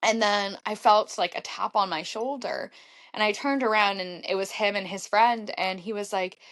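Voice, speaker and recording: Woman, 30s, podcast guest; animated casual storyteller, mid-pitched, acts out her own lines. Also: normal speed. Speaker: podcast guest, marathon runner.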